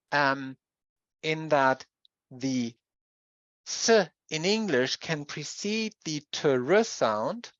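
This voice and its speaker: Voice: mid-range voice, no room sound. Lecturer, patient explainer, dry dull lo-fi sound. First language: German. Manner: explanatory, spells out sounds and examples. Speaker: university lecturer. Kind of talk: recorded linguistics lecture.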